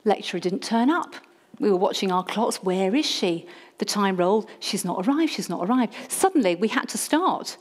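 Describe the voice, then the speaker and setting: A woman telling a lively personal testimony story, self-mocking and acting out her own past pleas. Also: medium pitch, moderate pace.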